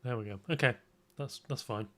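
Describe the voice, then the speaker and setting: A man's voice: medium pitch, brisk, a bit bright. A man on a casual livestream, chatting his way through a makeup tutorial in a rambling, self-mocking way with many restarts. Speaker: streamer.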